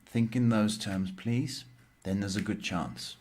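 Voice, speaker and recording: Slow, halting man giving psychic readings. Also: on the low side, darkish tone. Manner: slow, halting, with many ums. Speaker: psychic reader and host. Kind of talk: live-stream tarot Q&A.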